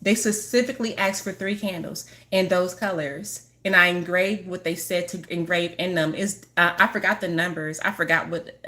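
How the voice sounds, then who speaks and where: A woman's voice: lowish voice, steady tone, moderate pace, bright, forceful tone. A woman spiritual healer talking casually to her viewers, rambling, restarting sentences and laughing often. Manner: apologetic giggling asides. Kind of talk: casual chat to camera.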